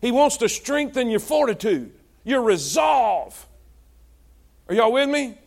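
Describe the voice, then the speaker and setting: A man preaching a sermon in a high voice that climbs and dips constantly. He shouts his points, then drops to hushed asides, and keeps calling out to the congregation for responses. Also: big pitch swings, measured pace. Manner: swings between shouted exhortation and low, hushed asides. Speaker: pastor.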